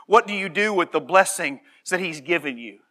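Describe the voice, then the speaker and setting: Male preacher, high bright voice, slow scripture reading, rises to impassioned shouts. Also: animated. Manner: builds to impassioned shouting, then drops quiet and earnest; reads scripture aloud slowly. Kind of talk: sermon.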